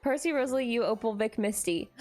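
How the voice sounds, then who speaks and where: A woman streamer chatting casually on a live stream, gushing and excitable, often gasping in delight. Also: high-pitched. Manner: gushing and excitable, frequent gasps.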